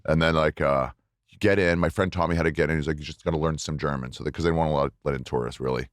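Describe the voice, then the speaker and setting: A man who is a comedian, a guest on a podcast, telling a rambling, halting story in casual chat. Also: very deep voice, fairly even intonation, no room sound, studio quality.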